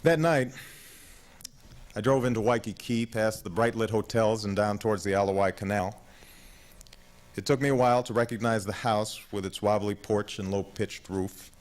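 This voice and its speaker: 30s guy reading his own memoir, low voice, calm and reflective. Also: rough recording. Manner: measured, reflective. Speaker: author narrating his memoir. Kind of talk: audiobook narration.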